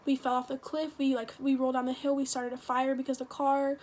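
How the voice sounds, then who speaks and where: A woman's voice: high-pitched, little pitch movement, a little fast, darkish tone. A teenage woman telling a personal story in a rambling, casual way, full of fillers and swearing. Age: teens. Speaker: vlogger.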